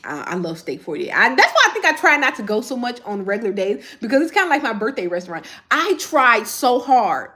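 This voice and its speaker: A woman's voice: fairly high pitch, big pitch swings, fairly quick, hardly any pauses, bright, forceful tone. A woman, chatting casually on a livestream and answering viewer comments as she rambles. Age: 30s.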